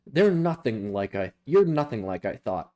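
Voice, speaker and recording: Guy playing an angry betrayed young barbarian, low mellow voice that jumps up. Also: very animated, moderate pace. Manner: rising indignant outbursts.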